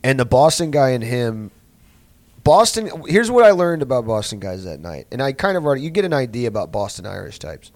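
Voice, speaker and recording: A man's voice: mid-range voice, very animated, brisk, no echo. A young man hosting a podcast, telling a story in a rambling, profane way with lots of filler words. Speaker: podcast host. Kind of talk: casual storytelling.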